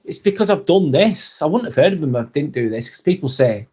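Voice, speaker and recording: A man's voice: medium pitch, fast talker, few pauses, darkish tone, breathy edge. A man hosting a casual live stream on his phone, reading out viewer comments with dry jokes and casual swearing.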